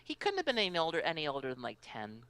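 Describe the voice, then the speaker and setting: A woman guest on a podcast telling stories in casual chat, animated and acting out other people's voices. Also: low-pitched, rapid-fire.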